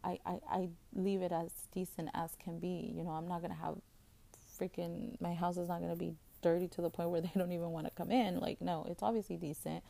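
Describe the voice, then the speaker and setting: A woman in her thirties hosts a podcast in a lowish, warm, creaky voice that moves briskly with little pitch movement. It's a casual chat, and she rambles with plenty of fillers and restarts, openly emotional.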